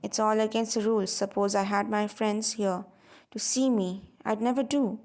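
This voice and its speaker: A woman's voice: fairly high pitch, fairly even intonation, moderate pace, darkish tone, natural voice. A woman reading the part of a fussy sixty-year-old male clerk who gets flustered. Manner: fussy, flustered, murmuring figures.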